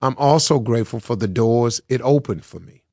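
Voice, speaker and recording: A man's voice: mid-range voice, moderate pace, a little mellow, dry recording. A man reading his own book aloud as an audiobook, with earnest, personal storytelling. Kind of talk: audiobook narration. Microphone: close studio mic. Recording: dry studio sound.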